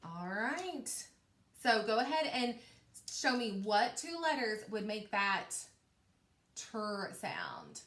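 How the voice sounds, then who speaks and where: A woman teacher giving a patient, encouraging phonics lesson to young children, speaking clearly and slowly. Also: mid-range voice, huge pitch swings, fairly bright tone. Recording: echoey room.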